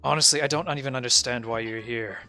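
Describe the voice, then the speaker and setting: A man's voice: mid-range voice, steady tone, fast talker, bright, forceful tone, faint music behind. A man voicing an exasperated, haughty human nobleman in a tabletop game, with a whiny, irritated manner.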